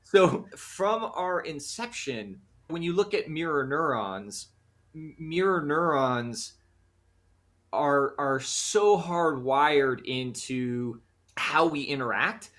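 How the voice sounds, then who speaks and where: An American man, a guest in an interview, explaining his ideas in an animated way and often acting out quoted voices. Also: on the high side, slow pace. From United States. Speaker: guest, conflict resolution practitioner. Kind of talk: conversational interview.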